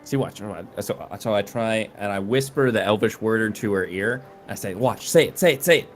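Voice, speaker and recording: A man's voice: fairly low pitch, moderate pace, soft background music. A man playing a tabletop game, talking in a playful, scheming way. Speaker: player. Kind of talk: tabletop role-play.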